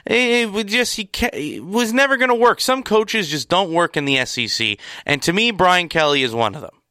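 A man's voice: sits high, lively intonation, a little fast, bright, forceful tone, clean tone, no room sound, clean studio sound. A young man giving an opinionated sports recap, emphatic and exasperated, repeating words to drive home his points. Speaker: sports commentator.

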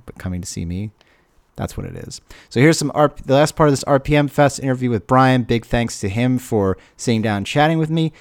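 A man's voice: medium pitch, darkish tone, dry recording, clean studio sound. Rambling man hosting college radio. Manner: rambling, self-deprecating, many fillers. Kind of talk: casual radio show chatter. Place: radio studio.

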